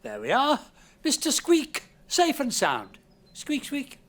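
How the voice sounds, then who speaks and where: An actor playing a kindly, playful older grandfather who speaks gently and coaxingly to a small child in a children's TV show. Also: very high-pitched, wildly swooping pitch, takes it slowly, exaggerated voice. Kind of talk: children's TV acting. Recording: music playing underneath.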